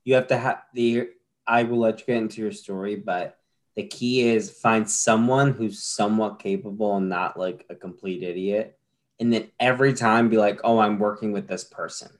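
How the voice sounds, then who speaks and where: A man's voice: on the low side, steady tone, normal speed. A man co-hosting a podcast, making dry, blunt comments in casual chat. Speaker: podcast co-host.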